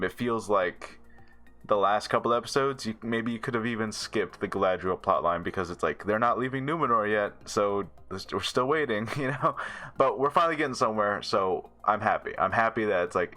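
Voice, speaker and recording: Male reviewer, low-pitched and bright, loose rambling delivery full of fillers. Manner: rambling, many fillers and restarts, laughs often. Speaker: show reviewer. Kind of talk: casual video review.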